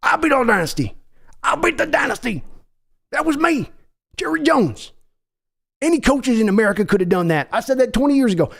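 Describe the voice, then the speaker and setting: A man's voice: extremely high pitch, sing-song, fairly quick, vocal fry, long pauses, a bit bright, pitched above the performer's own voice, full character voice. A man doing an impression of a brash, pushy older Texan football team owner, with a put-on Texan drawl in a comedy skit. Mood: pushy, folksy. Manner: folksy, wheedling, bossy drawl.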